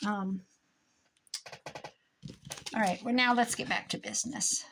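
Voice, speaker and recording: A woman's voice: mid-range voice, steady tone, measured pace, creaky, a bit bright, a little hiss or hum. A middle-aged woman rambling casually to herself and her viewers as she works on a craft project at her desk, with chatty asides. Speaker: crafting YouTuber. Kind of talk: casual crafting chat while working.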